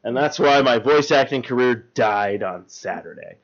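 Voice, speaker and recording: A man's voice: medium pitch, expressive, moderate pace. A man in his thirties co-hosting a casual podcast chat, joking around and slipping into silly voices. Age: 30s. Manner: jokey, slips into silly character voices. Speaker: podcast co-host. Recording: dull lo-fi podcast audio.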